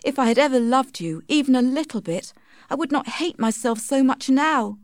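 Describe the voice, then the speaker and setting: A woman's voice: high-pitched, lively intonation, moderate pace, no room sound, clean studio sound, pitched above the performer's own voice. A woman voicing a young village woman, ashamed and bitter, tearful and pleading in a raised voice. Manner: tearful, pleading, rising to anger.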